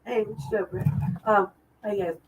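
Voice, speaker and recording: A woman's voice: mid-range voice, fairly even intonation, a little slow, far from the mic, a little hiss or hum, low-quality recording. A woman with a Southern accent, chatting rambling and repetitive on a livestream. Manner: rambling, repeats herself. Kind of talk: casual livestream chat. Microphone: far from the mic.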